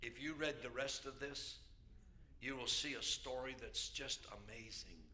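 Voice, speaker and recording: A man pastor preaching a sermon, storytelling with jokes and sudden loud bursts. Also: mid-range voice, measured pace, a little hiss or hum. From United States.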